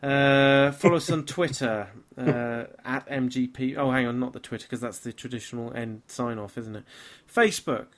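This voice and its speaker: A man's voice: medium pitch, steady tone, moderate pace, hardly any pauses. A tired, slightly tipsy man hosting a casual podcast, talking in a weary, grumbling, self-mocking way. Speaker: podcast host.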